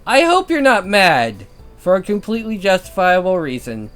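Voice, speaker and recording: A woman voicing a bubbly, chatty teenage schoolgirl roommate, reading game dialogue aloud with fast, gushing delivery. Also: medium pitch, faint music behind. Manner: talks fast, gushing, lively.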